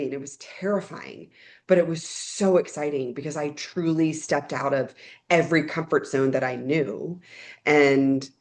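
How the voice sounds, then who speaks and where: A young woman from Texas, a podcast guest, telling animated stories about her life and laughing often. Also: sits low. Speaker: guest, corporate event planner. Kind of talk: casual storytelling chat.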